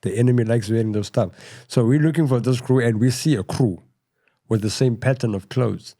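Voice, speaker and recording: A middle-aged South African man telling his story in a casual interview, rambling and full of "you know," going quieter at tense moments. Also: mid-range voice, brisk. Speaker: podcast guest.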